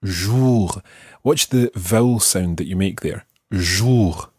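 A Scottish man leads a language lesson in a husky, low voice. He shapes each French word slowly and carefully so it can be repeated back. The sound is dry and close. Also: warm tone, dry recording. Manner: slow, careful modelling of French words for repetition. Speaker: language teacher.

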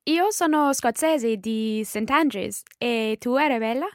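A woman plays a polite young Scottish tourist trying out her new Italian. She speaks slowly and carefully in a slightly high voice, recorded dry and close. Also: no echo, lightly acted. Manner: slow, careful learner's Italian.

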